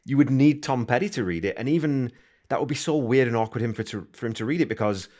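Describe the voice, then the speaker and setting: A man's voice: medium pitch, quick pace, darkish tone. A man hosting a podcast interview, enthusiastic and conversational, thinking aloud as he asks questions. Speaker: podcast host. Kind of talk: casual interview chat.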